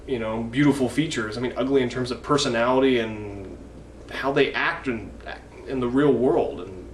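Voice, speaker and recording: A wrestling fan in his twenties rants in a vlog, profane, indignant and rambling, his medium-pitched voice moving at normal speed. The mic sits far off in an echoey room, with faint noise behind him.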